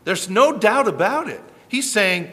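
An animated male preacher delivers a sermon with a bright, forceful voice pitched a little high. He drives his points home with emphatic rhetorical questions. A long reverb from a large hall trails his words. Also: measured pace.

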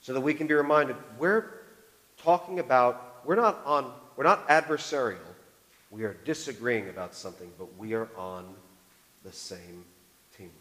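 A man preaching a sermon on marriage, animated, moving between loud emphasis and hushed tones. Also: medium pitch, moderate pace. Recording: long reverb of a large hall.

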